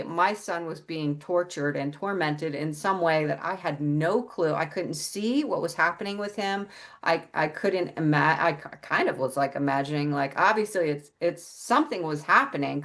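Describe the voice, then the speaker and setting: A middle-aged psychic and healer, appearing as an interview guest, shares a personal story with candor and casual, free swearing. Her voice is low, her intonation lively, and her pace moderate.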